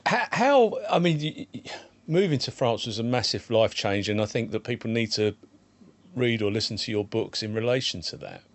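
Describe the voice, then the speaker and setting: A man's voice: medium pitch, expressive, normal speed. A man hosting an interview, asking long leading questions with some restarts. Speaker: interview host.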